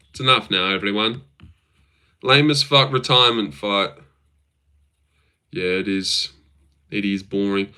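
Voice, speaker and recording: A young man hosts a casual livestream, talking straight to his chat. His voice is bright and forward, and his banter is crude, mocking and full of swearing. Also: lowish voice, a little slow, long pauses, smooth. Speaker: livestream host.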